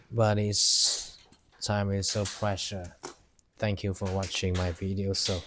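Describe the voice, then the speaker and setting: Man from China, Chinese native, slow halting English, low voice, casual vlog. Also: background noise. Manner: halting, searching for English words. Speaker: vlogger. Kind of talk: casual talk to camera. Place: outdoors by a campfire.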